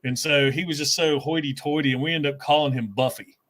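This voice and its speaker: A man's voice: a little high, steady tone, brisk, heavy background noise. A man hosting a casual chat, telling stories in a laid-back way and chuckling as he goes. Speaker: host.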